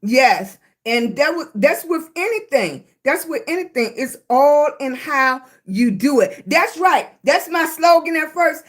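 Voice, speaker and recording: Woman, high voice, casual live-stream host, a bit congested, warm drawn-out greetings. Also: lively intonation. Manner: chatty, greets viewers, drawn-out emphatic talk. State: recovering from illness, congested.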